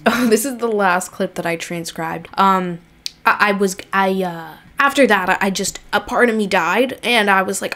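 A woman's voice: medium pitch, moderate pace, a bit bright. A woman giving blunt, exasperated, swear-filled commentary on recorded call clips. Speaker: commentary YouTuber.

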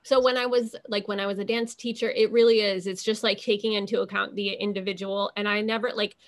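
Gravelly-voiced woman rambling in an interview. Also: medium pitch, level tone, fairly quick. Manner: rambling, filler-heavy, restarts thoughts often. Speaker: interview guest. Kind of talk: casual interview conversation.

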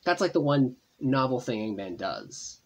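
A man's voice: medium pitch, huge pitch swings, normal speed, gravelly. A man casually commenting on his gameplay, chatty and rambling, thinking aloud as he plays. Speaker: gaming channel host. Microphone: tablet gameplay voice-over.

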